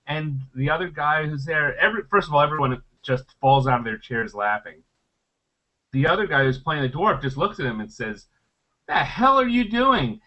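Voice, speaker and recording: A man's voice: medium pitch, animated, fairly quick, pushed and bright. A middle-aged man, a former game designer, telling anecdotes on a convention panel in a rambling way, with many fillers and restarts.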